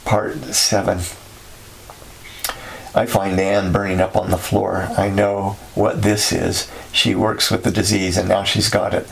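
Low gravelly male narrator. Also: little pitch movement, a little slow, slight background noise, poor audio. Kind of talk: scripted story narration.

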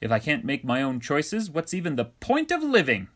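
A man's voice: a little high, wildly swooping pitch, normal speed, fairly bright tone, pitched above the performer's own voice, full character voice. A suspicious, contrarian man, as a male storyteller puts him on, indignant and always arguing back. His voice jumps around a lot. Storybook comedy reading. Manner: indignant, argumentative.

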